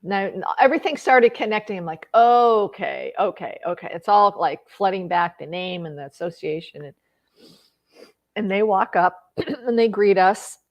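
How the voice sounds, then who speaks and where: A woman's voice: mid-range voice, animated, normal speed, lo-fi sound. A middle-aged woman telling a personal story in a conversational way, getting emotional and tearing up at times. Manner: emotional, tearful at times, many restarts. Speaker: personal growth vlogger.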